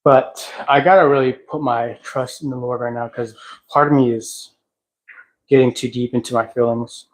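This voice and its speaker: Casting: male livestream host, reflective and halting, talks to viewers from home, sometimes sings softly. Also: mid-range voice, steady tone, rough recording. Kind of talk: casual livestream talk. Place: at home, cleaning a house.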